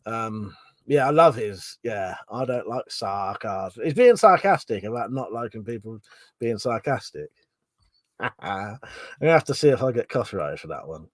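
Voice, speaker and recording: A man's voice: on the low side, sing-song, normal speed, no echo. A man from England, hosting a casual livestream, reading out viewer comments, laughing often and swearing casually. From southern England. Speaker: livestream host.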